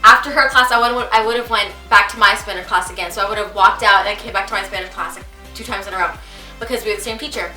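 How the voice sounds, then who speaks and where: A woman's voice: medium pitch, bright, forceful tone, reverberant, distant mic, soft background music. A teenage girl telling a story to the camera in casual vlog chat, chatty and full of filler words. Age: teens. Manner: chatty, quick, lots of filler. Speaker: vlogger.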